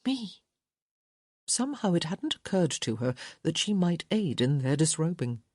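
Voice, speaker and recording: A woman reading a romance audiobook in a slow, soft, intimate manner. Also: sits low, sing-song, no room sound, clean studio sound. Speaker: audiobook narrator. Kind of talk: scripted romance audiobook narration.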